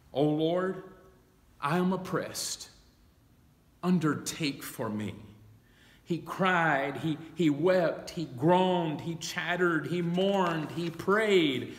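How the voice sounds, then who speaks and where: Man, pastor, slow emphatic preaching, echoey church hall. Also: a little high, expressive. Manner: slow, emphatic preaching, reading scripture aloud. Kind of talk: Bible study sermon. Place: church sanctuary.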